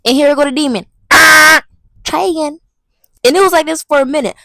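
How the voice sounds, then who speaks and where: A woman's voice: sits high, fast, no room sound. A young woman telling a dramatic, slangy storytime vlog. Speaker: vlogger. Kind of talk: casual storytime monologue.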